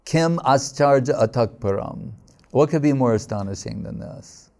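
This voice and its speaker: A man giving an unhurried devotional sermon, telling stories, quoting scripture and checking in with "right?". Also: mid-range voice, animated, vocal fry, warm tone. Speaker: speaker at a devotional gathering.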